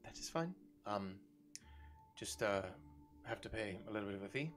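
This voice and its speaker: A man's voice: on the low side, animated, normal speed, faint music behind, close to an everyday voice. A man playing a polite stable keeper who hesitates a lot and asks for a small fee. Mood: hesitant. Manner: hesitant, full of ums and uhs. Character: male innkeeper, polite but fee-minded.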